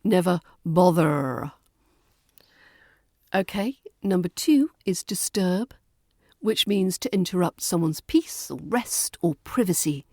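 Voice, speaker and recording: British woman teaching pronunciation, mellow, dry. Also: lowish voice, lively intonation, no echo. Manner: clear, deliberate, slows to model words. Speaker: podcast host and pronunciation teacher. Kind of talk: pronunciation lesson.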